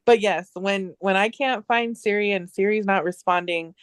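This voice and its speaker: A woman in casual chat, telling animated stories with frequent restarts. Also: medium pitch, moderate pace, smooth, no room sound, clean studio sound.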